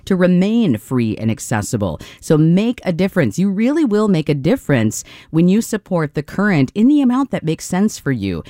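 A woman's voice: lowish voice, big pitch swings, moderate pace, hardly any pauses, dark tone, dry recording, clean studio sound. A woman from central Minnesota with a Midwestern accent, hosting a morning radio pledge drive with enthusiastic, rambling talk. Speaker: radio host.

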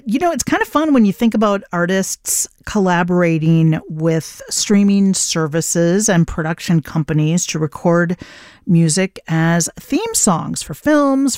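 A woman's voice: medium pitch, darkish tone, clear, resonant tone, dry recording, clean studio sound. A woman radio DJ announcing songs between tracks, with playful punning asides. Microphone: studio microphone.

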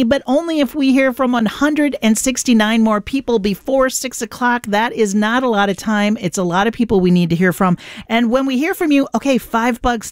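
A woman's voice: on the high side, dry recording, clean studio sound. A woman from Minnesota hosting a public radio pledge drive, talking in an enthusiastic, chatty way and often cutting herself off. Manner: enthusiastic, chatty, self-interrupting. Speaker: radio host. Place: radio studio. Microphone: studio mic.

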